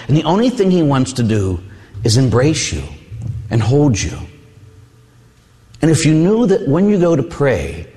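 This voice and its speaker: A male priest giving a sermon with personal stories, an animated storyteller who acts out voices. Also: mid-range voice. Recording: long hall reverb.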